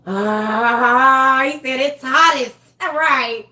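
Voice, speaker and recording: A woman delivering a comedic monologue in a slangy, animated way, often breaking into laughter. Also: high-pitched, extremely slow. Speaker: comedian vlogger.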